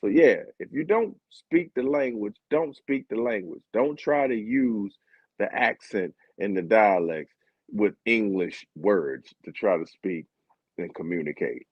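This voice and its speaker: Comic storytelling from a US Olympic sprinter who became a comedian: his voice is lowish and slightly rough, his pace measured. He's animated, laughs, and acts out dialogue, all in dull, dry, echo-free audio.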